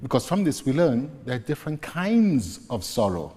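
A man preaching a sermon, slowly and deliberately retelling scripture scenes. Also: medium pitch, big pitch swings, dark tone, husky. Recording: long reverb, echoey hall.

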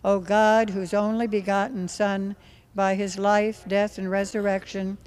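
Smooth-voiced woman leading the rosary. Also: mid-range voice. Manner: steady measured recitation, trailing off softly at line ends. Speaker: rosary prayer leader. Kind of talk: recited prayer.

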